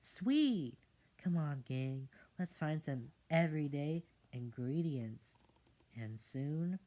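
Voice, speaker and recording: A reader voicing an eager little kitten boy hero in a storybook reading, excited and slangy. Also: mid-range voice, slow pace, lightly acted.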